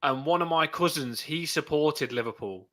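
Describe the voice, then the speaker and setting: Bright-voiced enthusiastic Englishman. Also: fairly high pitch, moderate pace. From England. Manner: earnest, enthusiastic about his club. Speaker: guest, football fan. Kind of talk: casual conversation.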